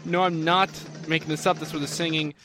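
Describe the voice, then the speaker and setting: A man's voice: a little high, little pitch movement, fairly quick. A man chatting casually, explaining and reading out song lyrics in a dry way. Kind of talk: casual chat, reacting to a song.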